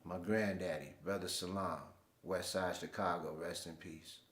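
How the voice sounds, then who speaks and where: Man, host, slangy laid-back storyteller, lowish voice, roomy echo. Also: steady tone, normal speed, a bit bright. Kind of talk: casual storytelling monologue.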